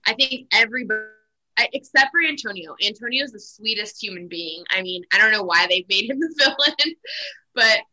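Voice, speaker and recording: A young woman, a former reality cooking contestant, telling her story as an interview guest in a chatty, animated way with lots of fillers. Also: fairly high pitch, brisk, soft background music, low-quality recording. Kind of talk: casual interview chat.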